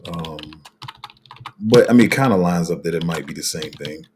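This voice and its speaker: A man's voice: low-pitched, lively intonation, moderate pace, slight background noise. A man hosting a casual crypto livestream, rambling through viewer comments with lots of fillers, restarts and slang.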